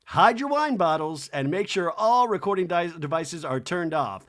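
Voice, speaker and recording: A man playing an upbeat male talk-show host with a brisk announcer delivery. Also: high-pitched, lively intonation, a bit bright. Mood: announcing.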